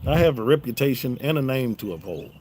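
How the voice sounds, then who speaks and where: A middle-aged man with a Southern drawl chats loosely on a livestream, his pitch swinging up and down as he jokes with viewers. The recording has a faint hiss of background noise behind his mid-pitched voice. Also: expressive, fast, a little mellow. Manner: laid-back, joking, talks back to chat. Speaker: YouTube host reading live chat. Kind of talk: casual livestream chat. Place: home, smoking a cigar on a livestream.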